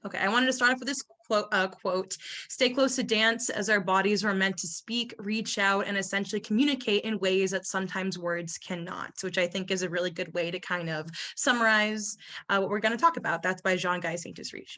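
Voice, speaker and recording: Young woman grad student, bubbly and effusive, bright sharp voice, presenting on a video call. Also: mid-range voice, fairly even intonation, brisk.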